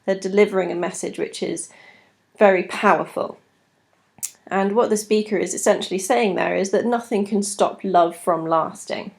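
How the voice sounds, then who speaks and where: Woman teacher, poetry lesson, gravelly edge, mid-pitched, measured explaining. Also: darkish tone. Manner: clear, measured explaining, sounding out rhythms. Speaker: English teacher. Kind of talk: recorded literature lesson.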